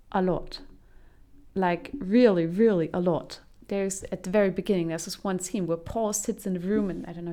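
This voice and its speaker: A woman's voice: lowish voice, warm tone. A woman giving a casual comedic film review, chatty and full of um's, restarts and laughs. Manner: chatty, frequent um's and self-restarts, laughs while talking.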